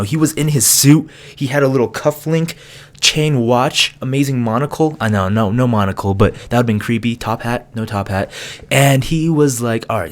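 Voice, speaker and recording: A young man, a college student, casually telling a funny story to camera, laughing and acting out voices. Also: mid-range voice. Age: young adult. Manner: animated, laughing, acts out voices. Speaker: vlogger.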